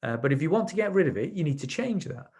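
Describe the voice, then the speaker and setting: Gravelly-voiced man teaching a webinar. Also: a little high, sing-song, fast, a little mellow. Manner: explanatory, anecdotal, with many restarts. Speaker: NLP trainer. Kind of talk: webinar lecture.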